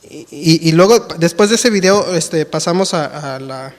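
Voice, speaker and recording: A man's voice: a little high, expressive, a little fast, big-room sound. A man with a Mexican Spanish accent preaching a sermon as pastor, talking to the congregation in a conversational way with fillers. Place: church hall.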